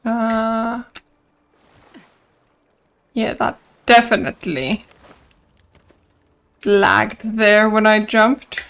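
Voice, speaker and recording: A woman's voice: on the high side, steady tone, very slow, long pauses, a bit bright, clean tone. A woman streaming a video game, chatting casually and playfully, sneezing now and then and singing silly rhymes. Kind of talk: casual gameplay commentary.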